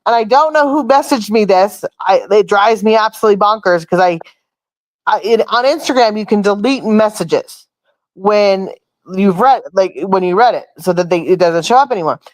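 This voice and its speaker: A woman with a mid-range voice hosts a casual chat, speaking at normal speed in a dry recording. She tells a long, rambling story and swears freely.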